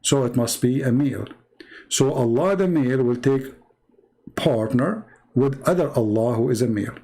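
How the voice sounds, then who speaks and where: A man's voice: mid-range voice, expressive, normal speed, dark tone. Mocking, sarcastic man hosting a debate. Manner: mocking and sarcastic, laughs at his opponent; emphatic, repeats points. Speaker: livestream host debating a caller. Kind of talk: live-streamed religious debate.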